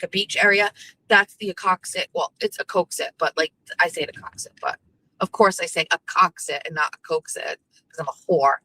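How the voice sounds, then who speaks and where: A woman's voice: medium pitch, sharp tone, low-quality recording. A woman, hosting her show and telling a casual, profane story, quoting the people in it. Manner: chatty and profane, quoting others in quick back-and-forth. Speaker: host.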